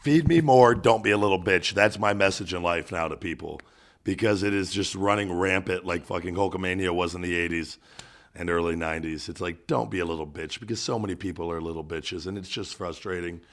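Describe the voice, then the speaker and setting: A man hosting a podcast, chatting casually in a blunt, profane way with loud joking bursts. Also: sits low, fairly even intonation, fairly quick. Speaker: podcast host. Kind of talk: casual chat.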